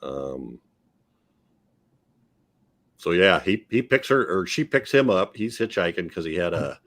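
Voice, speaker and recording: A man's voice: deep voice, sing-song, measured pace, a bit bright. A man hosting a casual film-review podcast, rambling and hesitant with fillers. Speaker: podcast host.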